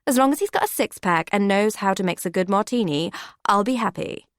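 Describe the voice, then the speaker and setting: A woman's voice: mid-range voice, animated, brisk, no room sound, studio quality, natural voice. Woman putting on a brash faux-posh older woman. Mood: showy loud.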